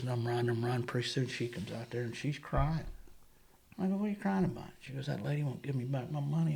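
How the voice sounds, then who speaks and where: A horse and pony trader appears as a guest on a chat show, spinning a rambling anecdote in a creaky, medium-pitched voice. He acts out the quoted dialogue of the people involved and chuckles as he goes in this casual conversational storytelling. A bit of hiss or hum is audible.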